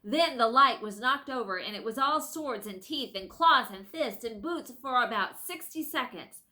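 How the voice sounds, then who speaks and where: A woman narrating a storybook chapter in a measured, expressive way. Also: fairly high pitch. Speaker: audiobook reader. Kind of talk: scripted narration.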